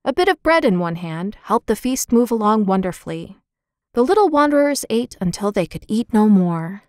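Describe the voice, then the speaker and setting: A woman narrating a children's storybook in a lively, expressive reading, voicing the characters' lines. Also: mid-range voice, moderate pace, dry recording, studio quality. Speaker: audiobook narrator.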